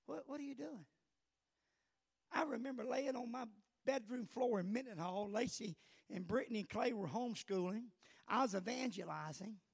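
A man preaching a sermon as pastor, swinging from quiet asides to shouted passages and asking the congregation questions. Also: extremely high pitch, creaky. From United States.

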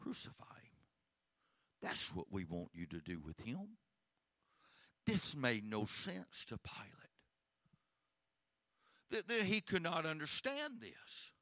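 A man preaching a sermon as pastor, swinging from hushed retelling to shouted emphasis and often repeating words. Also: a little high, huge pitch swings, slow, long pauses, dry recording.

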